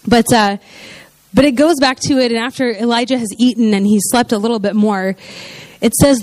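Casting note: woman preacher, relaxed and talky, slightly high voice, dry close sound. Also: normal speed, no echo. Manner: chatty, full of "you know" and "like" asides. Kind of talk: conversational sermon.

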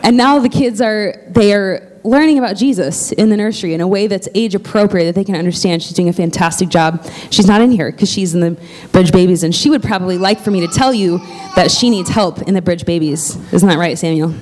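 A woman's voice: mid-range voice, brisk, a little mellow. A woman pastor making church announcements from the pulpit, chatty and heartfelt, with plenty of fillers and restarts.

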